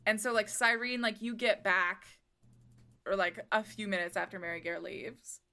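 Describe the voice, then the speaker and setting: A woman's voice: medium pitch, fairly even intonation, moderate pace, pushed and bright. A woman narrating as game master of a tabletop role-playing game, chatty and full of fillers.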